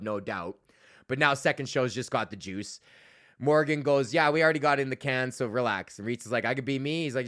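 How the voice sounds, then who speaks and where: A man hosting his own podcast, telling a profane, comedic story and reading his ads with sudden loud shouted bits. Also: medium pitch. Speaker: podcast host.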